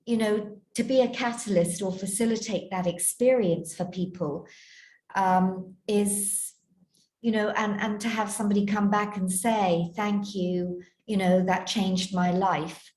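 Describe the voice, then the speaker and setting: A woman hosting an interview, speaking in a reflective, gently affirming way. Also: medium pitch, fairly even intonation, unhurried, echoey room, low-quality recording. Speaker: interview host. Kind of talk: conversational interview.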